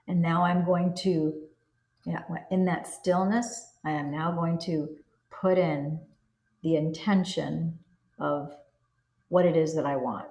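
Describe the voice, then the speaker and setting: A woman's voice: deep voice, steady tone, slow pace, dark tone. Earnest woman coaching in an echoey room. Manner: earnest, coaching, acts out inner self-talk. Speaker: self-help teacher. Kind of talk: spoken self-help teaching.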